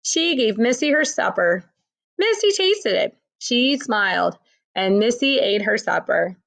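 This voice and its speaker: A woman reading a children's picture book aloud in a slow, expressive storytelling manner. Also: a little high, vocal fry. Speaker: storybook reader.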